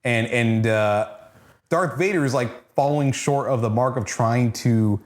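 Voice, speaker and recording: A man's voice: medium pitch, measured pace. A man co-hosting a casual comic book review chat, joking and laughing often. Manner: jokey, laughs often, lively intonation. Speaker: comic book podcast co-host.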